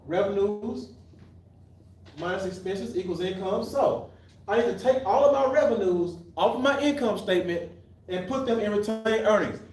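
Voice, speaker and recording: This male accounting instructor speaks at a normal speed in a high register with a somewhat dark tone. Teaching live, he quizzes his students only to supply the answers himself, often starting his sentences over, captured by a distant mic in an echoey room.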